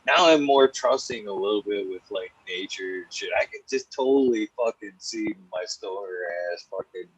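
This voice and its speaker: A man's voice: fairly low pitch, moderate pace, hardly any pauses, breathy edge, poor audio. A man telling stories in casual, profane podcast chat, laughing often. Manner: profane, laughing, animated storytelling. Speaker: podcast host.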